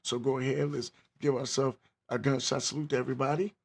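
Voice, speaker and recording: A man hosting his podcast in a relaxed livestream chat, slangy and repeating himself, with his mic turned up loud. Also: mid-range voice, fast, vocal fry, breathy edge. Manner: laid-back, repeats phrases, slangy. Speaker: podcast host.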